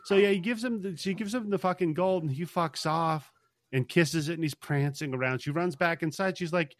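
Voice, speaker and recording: A man's voice: fairly high pitch, a little fast, no room sound. Dry-sounding man in crude podcast banter. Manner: laughs often, recaps a movie plot. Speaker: podcast co-host.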